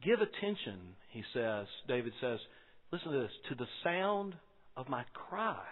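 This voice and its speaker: Emphatic preacher in a hall, phone-thin sound. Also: male voice, medium pitch, sing-song, unhurried, phone-quality sound. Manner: emphatic preaching, repeats key lines, rhetorical questions. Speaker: pastor. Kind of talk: sermon.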